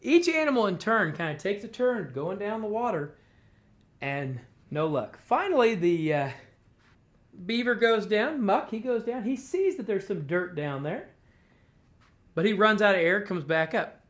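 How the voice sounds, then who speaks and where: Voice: medium pitch, very animated, a little slow. A storyteller from a tribal language department, casually telling a traditional tale in a folksy, conversational way and acting out the characters' lines. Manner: folksy and conversational, full of "kinda" and "you know"; acts out the animals' quoted talk.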